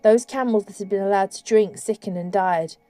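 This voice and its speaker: A woman narrating an audiobook in a measured, steady storytelling voice, recorded close on a studio mic. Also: mid-range voice, dry recording, faint music behind.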